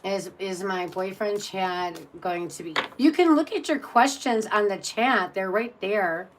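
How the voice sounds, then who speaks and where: A woman's voice: mid-range voice, measured pace, noisy background. A woman reading tarot on a live stream and chatting casually, blunt and exasperated, rambling with many restarts.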